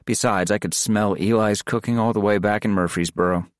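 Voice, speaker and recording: A man voicing a gracious middle-aged woman pastor, speaking in a brisk, affectionate and husky way. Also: fairly low pitch, steady tone, no echo, studio quality, pitched above the performer's own voice, close to an everyday voice. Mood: teasing.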